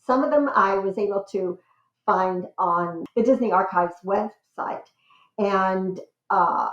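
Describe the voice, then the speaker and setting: A woman's voice: medium pitch, takes it slowly. An older woman, a guest relations expert, chatting enthusiastically in an interview about her research. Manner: enthusiastic, squeals with excitement when telling stories. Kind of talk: conversational interview. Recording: roomy, slightly dull sound.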